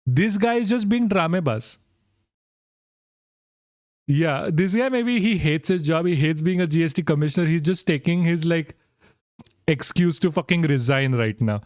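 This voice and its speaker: A man's voice: fairly high pitch, animated, moderate pace, pauses often, a little mellow, no room sound, studio quality. A young man streaming and reacting to a clip, giggling and swearing as he chats with his viewers. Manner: giggly, swearing, laughing through words. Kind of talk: casual reaction stream chat.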